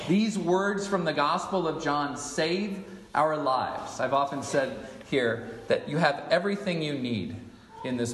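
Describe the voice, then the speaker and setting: A man's voice: fairly high pitch, slight background noise. Man preaching in an echoey hall. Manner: emphatic, asks the congregation questions. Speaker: pastor. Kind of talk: sermon. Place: church sanctuary. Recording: echoey church hall with long reverb.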